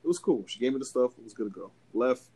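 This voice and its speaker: A man's voice: medium pitch, fast, slightly rough. A young man on a podcast telling a long story in casual chat, cursing a lot and acting out every voice in it. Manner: animated, profane, acts out both sides of a story. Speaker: podcast co-host.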